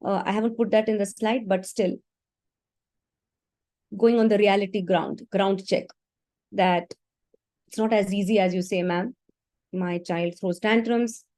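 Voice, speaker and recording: Woman, parenting workshop speaker on a video call, earnest and instructive, mid-pitched voice. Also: level tone, normal speed, long pauses, dark tone, dry recording. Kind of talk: online parenting talk.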